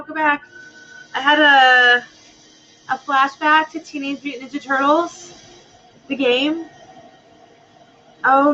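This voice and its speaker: An American woman rambles and chats to herself while playing through a game in let's play commentary. Her voice sits high, bright and forceful, and the sound is lo-fi.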